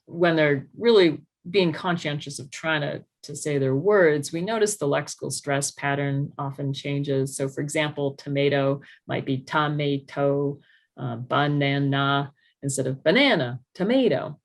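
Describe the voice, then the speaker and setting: A woman speech-language pathologist explaining to parents in a lively way, acting out speech sounds as she goes. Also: deep voice, moderate pace, few pauses. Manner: animated, demonstrates speech sounds.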